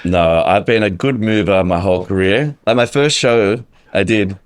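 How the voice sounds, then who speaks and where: A man's voice: fairly low pitch, normal speed, no room sound, studio quality. An Australian man, a guest actor, telling stories in a chatty, self-deprecating way with many ums. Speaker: guest, musical theatre actor. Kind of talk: casual interview chat.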